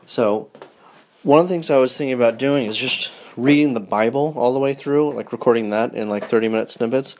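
Tired guy in his 30s yawning, rambling soft and sweet to his wife, podcast diary. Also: mid-range voice, fairly quick. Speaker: podcast host.

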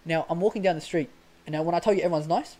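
Fast-talking Australian young man telling stories. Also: fairly high pitch, rough recording. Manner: animated, laughs mid-story, slangy. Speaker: podcast guest. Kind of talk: casual storytelling chat.

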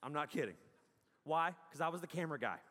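A man preaching an energetic, joking sermon from a stage, bursting into loud yells and poking fun at himself. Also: fairly high pitch, quick pace. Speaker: pastor. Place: large hall on a stage. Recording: long hall reverb.

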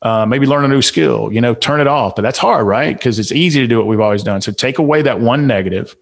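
A man's voice: mid-range voice, fast talker. Preachy Southern man giving motivational advice. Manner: preachy, emphatic, fires off rhetorical questions. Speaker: guest author and speaker. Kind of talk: motivational podcast interview.

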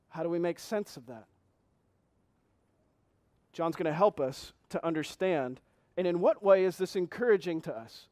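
A man preaching as pastor, reading scripture slowly and asking the congregation earnest questions. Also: fairly high pitch, darkish tone, no echo. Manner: reads scripture slowly, repeating key phrases. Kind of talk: sermon.

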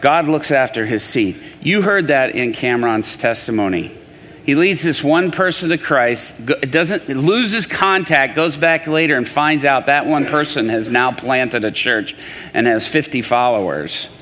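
A man's voice: mid-range voice, measured pace, slight background noise. Guy preaching a testimony, storytelling, lots of restarts, echoey hall sound. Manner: animated storytelling with restarts and acted quotes. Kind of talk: testimony sermon. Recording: long hall reverb.

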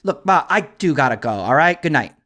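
A woman's voice: low voice, sing-song, fairly quick, a bit bright. A woman co-hosting a comedy podcast, dry and exasperated in manner. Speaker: podcast co-host.

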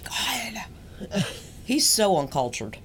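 A woman's voice: mid-range voice, very animated, slow, a little hiss or hum. A woman co-hosting a casual podcast, playful and teasing, often giggling as she jokes. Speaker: podcast co-host. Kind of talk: casual banter.

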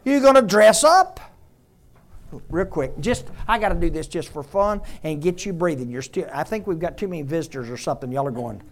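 A man preaching a sermon in a conversational way, quizzing the congregation and dropping to a hush on tender points. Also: a little high, animated, brisk. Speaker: pastor.

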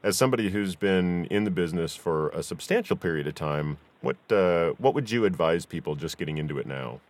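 A man's voice: low-pitched, animated, a little fast, dry recording. A man hosting a podcast interview, easygoing and affirming, with lots of fillers. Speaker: podcast host. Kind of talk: casual interview chat.

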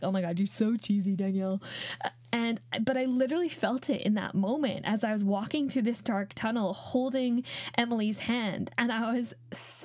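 A woman's voice: a little high, no echo, studio quality. A woman in her late twenties with a Canadian accent, telling a personal story as a podcast host in a heartfelt, chatty way full of fillers. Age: late 20s.

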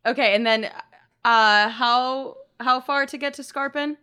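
A woman's voice: on the high side, a little slow, pushed and bright, smooth. A woman playing a tabletop game, playful and teasing as she declares her character's moves. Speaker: player. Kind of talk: casual tabletop play.

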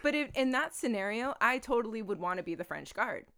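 A woman co-hosting a casual film podcast, relaxed and thoughtful, with soft laughs. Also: on the high side, a little fast. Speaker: podcast co-host.

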